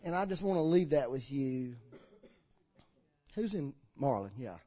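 A man's voice: mid-range voice, measured pace. A man preaching a sermon in church, telling stories and acting out the people he quotes, with slurred words. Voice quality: slurs his words. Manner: animated storytelling, acts out quoted voices.

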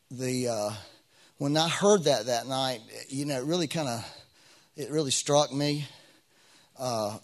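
A middle-aged man preaching a sermon as pastor, in a conversational way with frequent restarts and rising bursts of emphasis. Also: medium pitch.

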